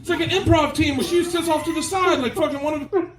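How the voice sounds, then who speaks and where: A man's voice: extremely high pitch, fast talker, roomy sound, distant mic. A man doing stand-up storytelling, rowdy and swearing, acting out the people he quotes. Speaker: stand-up comedian.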